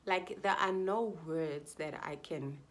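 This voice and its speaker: Heartfelt woman telling a story, lower voice. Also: takes it slowly. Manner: chatty and heartfelt, often addresses viewers as guys; repeats phrases for emphasis. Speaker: vlogger telling her birth story. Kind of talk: casual storytelling to camera.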